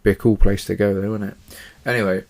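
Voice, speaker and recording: A man's voice: on the low side, fairly even intonation, fast, creaky, darkish tone. A man hosting a casual solo podcast, chatty and rambling, swearing offhandedly and fighting off yawns. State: yawning. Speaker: podcast host.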